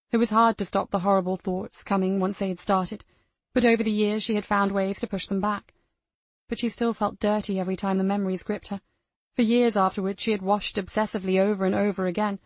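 A woman narrates a crime novel in a measured, even voice. Her tone carries a slight gravelly texture, and the recording is dry and close-miked. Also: mid-range voice, no echo. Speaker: audiobook narrator. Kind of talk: scripted narration.

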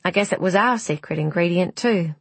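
A woman's voice: lowish voice, a little fast, slightly rough, no echo. Woman doing an eager, curious young woman.

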